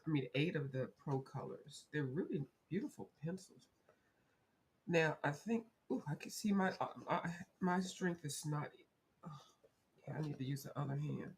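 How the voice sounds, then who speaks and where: A woman's voice: very deep voice, a little hiss or hum. A woman chatting casually and rambling as she colors on a livestream, correcting herself as she goes. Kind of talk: casual chat while coloring.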